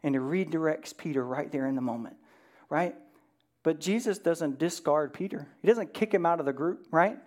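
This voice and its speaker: A pastor preaching in a relaxed, conversational way, with a voice that sits in a middle register. The delivery is earnest and direct. Questions like "right?" come again and again, and the speaker slips briefly into the voices of Bible figures. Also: medium pitch, normal speed. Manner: earnest, keeps asking "right?" and acts out the Bible figures' lines. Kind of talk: conversational sermon.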